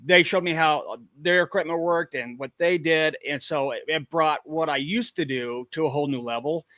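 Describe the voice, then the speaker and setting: A paranormal investigator from Washington State, USA, is an interview guest on a video call, recounting his experiences in a matter-of-fact, plain-spoken way during casual talk. His fairly high voice is bright and forceful at a moderate pace, recorded dry with studio quality.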